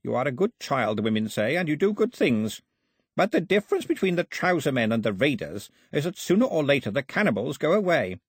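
A man's voice: medium pitch, very animated, a little fast, slightly rough, no echo, studio quality, voice pushed up. A man voicing a stern, testy old island priest who speaks curtly and lectures. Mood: grave. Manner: curt, suspicious, lecturing.

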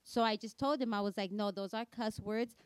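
A woman's voice: mid-range voice, steady tone, a little fast, clean tone, dry recording. A woman in her forties co-hosting a podcast, talking frankly in casual chat and often quoting what she tells her kids. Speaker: podcast co-host.

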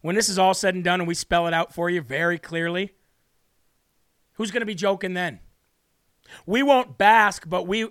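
A man hosting a talk show, ranting loudly and emphatically through political commentary with indignant outbursts. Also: high voice.

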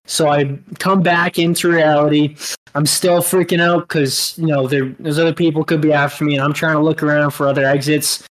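A man co-hosting a casual podcast, telling a long story in a halting, rambling way and laughing as he goes. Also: on the high side, fairly even intonation, low-quality recording. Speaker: podcast co-host. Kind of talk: casual chat.

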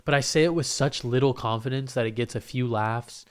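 A man's voice: mid-range voice, a little fast, clean tone. Profane, rambling young man telling a story. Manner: rambling, profane, animated retelling with restarts. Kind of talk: casual storytelling.

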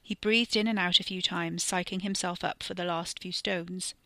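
A woman reads dark fiction in a measured, deliberate voice that slows down at tense moments. Her tone is bright and a little low, and the sound is dry and close with no room around it. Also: steady tone, no room sound. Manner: measured, slowing for tension. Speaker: podcast storyteller. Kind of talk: scripted narration.

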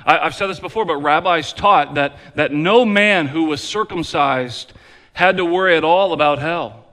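A man preaching a sermon as pastor, emphatic and repetitive, swinging between loud declarations and quiet low passages. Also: normal speed. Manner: emphatic preaching with repeated phrases, varying loud and soft. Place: church sanctuary. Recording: long hall reverb.

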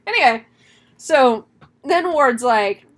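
A woman's voice: sits high, expressive, slow pace. A woman hosting a casual podcast chat, retelling a horror film's plot with swearing and laughter. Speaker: podcast host reviewing a horror film.

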